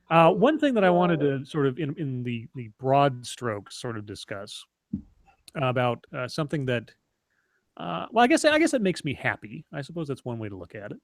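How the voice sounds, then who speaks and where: A man hosting a casual stream chat, telling stories in a rambling way with many halting restarts. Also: medium pitch, sing-song, dry recording. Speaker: stream host.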